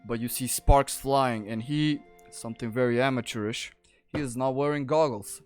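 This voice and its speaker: A man narrating as game master in a tabletop game, unhurried and laughing often. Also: mid-range voice, steady tone, faint music behind.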